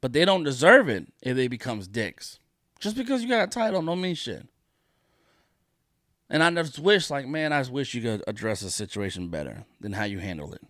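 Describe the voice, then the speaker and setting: A man on a solo podcast, venting in a heated, profane rant that circles back on the same points again and again. His voice sits at an ordinary middle pitch, and the sound is close and dry, with no room around it. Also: very animated, normal speed, a bit bright, dry recording. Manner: profane, indignant, repeats his points for emphasis. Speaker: podcast host.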